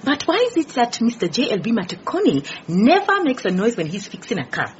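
A sharp-tongued scolding secretary. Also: female voice, fairly high pitch, wildly swooping pitch, fairly quick, a little hiss or hum. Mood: teasing. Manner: scolding, argumentative. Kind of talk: radio drama acting. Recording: dull lo-fi radio drama recording.

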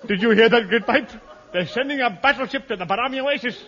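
An actor playing an excitable, scheming French villain with a French accent who blurts out mock-French oaths in a 1950s radio comedy. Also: male voice, extremely high pitch, fast, heavily acted. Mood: excited. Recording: dull old radio recording with hiss.

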